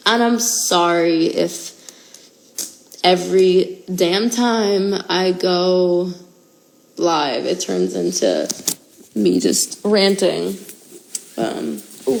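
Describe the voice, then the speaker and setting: A woman's voice: on the low side, gravelly, slight background noise, low-quality recording. A young woman in her twenties talking candidly and emotionally to fans in a casual livestream, with many fillers. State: out of breath.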